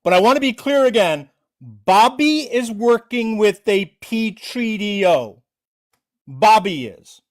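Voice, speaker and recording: A livestreamer giving callout commentary in an animated, mocking way. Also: medium pitch, takes it slowly.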